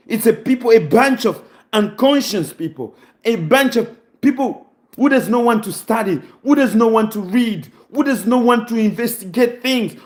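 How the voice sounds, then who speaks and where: A Congolese man giving an impassioned, preaching monologue, full of rhetorical questions and close to tears with emotion. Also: very high voice. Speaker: channel host.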